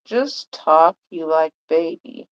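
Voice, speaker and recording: A woman's voice: low-pitched, animated, slow pace, clear, resonant tone, dull audio. Rambling, chatty woman livestreamer. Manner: rambling, chatty, many fillers. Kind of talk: casual livestream chat.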